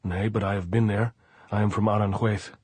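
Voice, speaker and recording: A man doing a suspicious militia commander interrogating a messenger. Slow to trust, dry and questioning. Husky tone, dry close sound. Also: fairly low pitch, flat delivery, a little mellow, no echo. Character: gruff male militia post commander, suspicious, unhurried.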